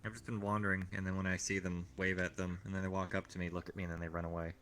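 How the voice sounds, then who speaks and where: Mild man with a deep, bright voice. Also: flat delivery, very fast, slight background noise. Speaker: roleplayer. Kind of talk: in-character roleplay.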